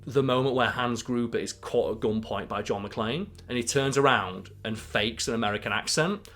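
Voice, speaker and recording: A man co-hosts a casual film podcast and gives blunt, opinionated takes. He swears freely as he talks. His voice sits at an ordinary middle pitch. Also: normal speed, fairly bright tone, soft background music. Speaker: podcast co-host.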